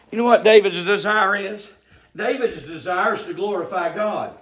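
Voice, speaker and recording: A man preaching an impassioned sermon, his voice swinging from hushed tones to shouting, with frequent stammering restarts. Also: sits high, normal speed, reverberant.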